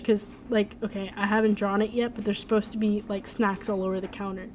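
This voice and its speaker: A woman's voice: mid-range voice, level tone, brisk, hardly any pauses, a little mellow, slight background noise. A young woman streamer chatting casually, rambling with lots of "like" and "um". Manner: rambling, full of "like" and "um". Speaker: streamer, animator. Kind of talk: casual live-stream chat.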